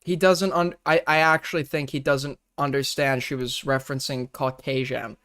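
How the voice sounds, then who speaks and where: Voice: medium pitch, fairly even intonation, moderate pace, a bit bright. A co-host on a live stream, chatting casually and teasing viewers while reading out donations. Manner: reads donations aloud, teasing.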